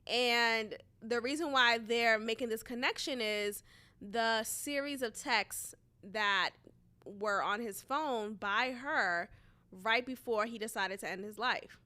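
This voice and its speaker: A young woman from Boston, USA, hosts a solo podcast, chatting casually in a monologue full of asides and fillers. Her voice is on the high side, bright and pushed, and she speaks slowly.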